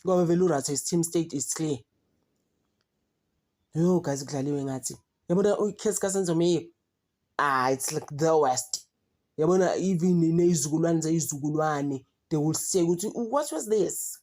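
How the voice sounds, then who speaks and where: A woman's voice: low-pitched, normal speed, darkish tone. A South African woman giving outspoken, exasperated commentary, mixing English and Zulu in a casual chat. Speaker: commentary vlogger.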